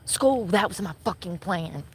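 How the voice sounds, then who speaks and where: Streaming from her phone outside a shopping center at night, a bitter woman delivers a profanity-laden rant, swearing all the way through. Her voice is fairly low with lively intonation and a measured pace, captured in a rough recording with slight hiss or hum.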